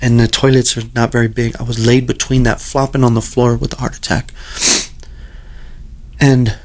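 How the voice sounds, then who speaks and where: Earnest man with a gravelly voice. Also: medium pitch, level tone, moderate pace. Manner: earnest, rambling, repeats phrases. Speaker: guest telling a personal story. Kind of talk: casual storytelling.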